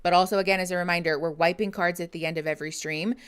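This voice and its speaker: A woman therapist streams her reactions to a reality show in a casual livestream, her voice on the low side, clean in tone, fairly even, and rapid-fire. She reads out viewers' chat messages, answers them, and laughs often.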